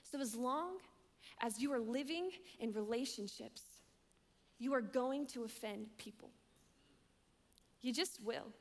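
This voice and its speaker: Woman preaching, high voice, punchy and repetitive, big echoey hall. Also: a little slow, long pauses. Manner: emphatic, repeats key lines, swings between loud and hushed. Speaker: young adult director preaching. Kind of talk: sermon. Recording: long hall reverb.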